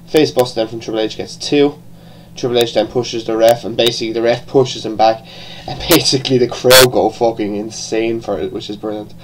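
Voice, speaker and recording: A man's voice: mid-range voice, steady tone, a little fast, hardly any pauses, background noise. An Irish-accented man talks through a review in an easy, unscripted way. He trips over his words and starts sentences again, with a casual curse here and there. His voice sits in an ordinary middle register. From born in England, raised partly in Ireland. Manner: rambling, with frequent restarts and casual swearing. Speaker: wrestling show reviewer.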